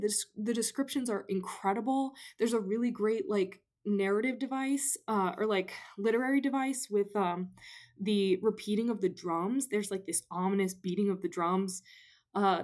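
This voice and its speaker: A woman's voice: medium pitch, steady tone, normal speed, a little mellow. Breathless, gushing young woman. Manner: gushing, breathless, many fillers, rambling enthusiasm. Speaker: book vlogger. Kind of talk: excited casual book chat.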